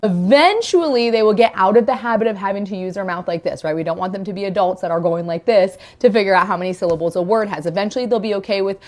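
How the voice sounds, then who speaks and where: A young woman gives a homeschool phonics lesson in a clear, deliberate voice. She stretches words out slowly when she sounds out syllables for her demonstration. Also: medium pitch, a little mellow. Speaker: homeschool teacher. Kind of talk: instructional talk to parents.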